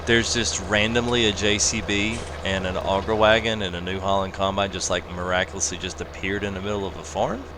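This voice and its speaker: A man's voice: low-pitched, level tone, brisk, hardly any pauses. A man hosting a live game stream, chatting casually and joking while reading out chat comments. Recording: loud game engine noise behind.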